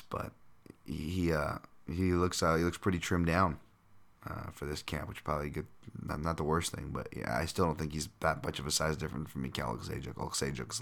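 He has a rumbling low voice with vocal fry and a slightly bright quality. Hosting a relaxed podcast by himself, he dissects fights while thinking aloud, using lots of fillers and restarts and chuckling now and then.

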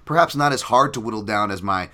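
A man's voice: lowish voice, fast, pushed and bright. A man hosting a casual sports podcast, rambling with many fillers and restarts, chatty and self-deprecating. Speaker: podcast host. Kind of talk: casual chat.

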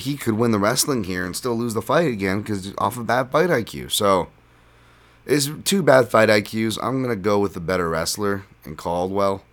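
A man with a very low voice hosts a solo podcast. He talks in a loose, rambling way and leans on "um" and "uh" as he thinks. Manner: relaxed, rambling, filler-heavy. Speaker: podcast host. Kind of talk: casual solo podcast talk.

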